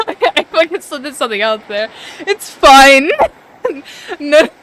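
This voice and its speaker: A woman's voice: sits high, big pitch swings, slow pace, fairly bright tone. Giggly young woman playing a game. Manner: giggly, swears, voices game characters badly on purpose. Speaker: gaming streamer. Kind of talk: casual let's-play commentary, reading dialogue aloud.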